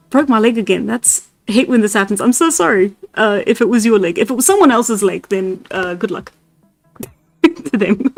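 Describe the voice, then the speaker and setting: A woman's voice: medium pitch, lively intonation, moderate pace, no echo. A woman reading a Victorian novella aloud on a live stream, chatting and laughing with her viewers between passages. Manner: laughs easily, chatty asides to chat.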